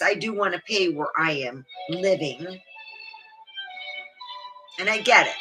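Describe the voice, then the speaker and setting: A woman's voice: fairly low pitch, pushed and bright, rough recording. A middle-aged woman vlogging in a meandering, chatty way, full of fillers. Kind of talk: rambling casual livestream chat. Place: home studio. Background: faint background music.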